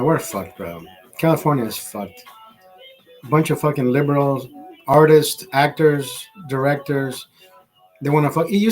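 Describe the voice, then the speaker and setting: A man from Honduras hosting a casual livestream, ranting with heavy profanity and switching between English and Spanish. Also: fairly high pitch. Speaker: livestream host. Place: Los Angeles, California.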